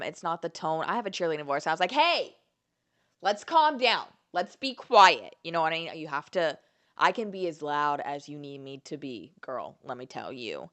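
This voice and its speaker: A young woman vlogger telling a story in an animated, profane, candid way. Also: low voice. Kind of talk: storytime vlog.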